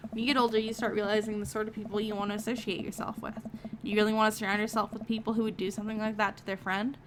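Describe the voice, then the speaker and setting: A woman's voice: mid-range voice, flat delivery, very fast, noisy background, close to an everyday voice. A woman reading the lines of a caring father giving his daughter earnest advice in a game. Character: gentle caring father, middle-aged man.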